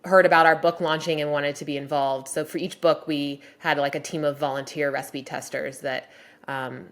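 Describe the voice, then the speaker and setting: A woman's voice: deep voice, fairly even intonation, normal speed. A woman in her forties, a cookbook author talking casually on a podcast, enthusiastic and full of "like" and "um" fillers.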